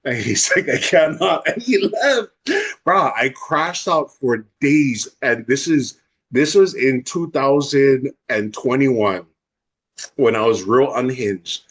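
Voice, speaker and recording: Husky Hawaii guy telling stories fast. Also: mid-range voice, expressive, fairly bright tone. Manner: fast, unfiltered storytelling with acted-out quotes. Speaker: guest. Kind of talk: casual storytelling.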